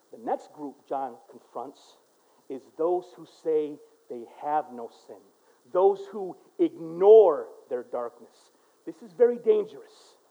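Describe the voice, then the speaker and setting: High-voiced American pastor preaching. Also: male voice. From United States. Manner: earnest, swings from loud and urgent to quiet and low; mimics people in quoted asides. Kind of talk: sermon. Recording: dull lo-fi recording.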